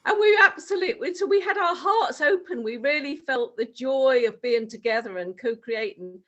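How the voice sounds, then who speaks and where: A woman's voice: sits high, lively intonation, moderate pace, fairly bright tone, highs cut off. A woman from the UK speaking hesitantly on a video call, sharing a personal story with the group. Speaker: participant.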